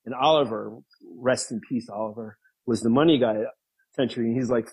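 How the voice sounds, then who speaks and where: A man in his thirties, a guest in an interview, telling stories casually, laughing often and acting out quotes in a higher voice. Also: fairly even intonation, a little fast, darkish tone, slightly rough, low-quality recording. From New York. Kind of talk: casual storytelling.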